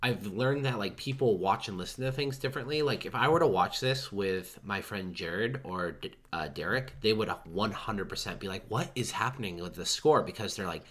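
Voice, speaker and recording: A man with a fairly low voice talks loosely on a podcast. He rambles and leans on fillers as he chats with his co-host. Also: moderate pace, few pauses, a bit bright. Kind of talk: casual chat.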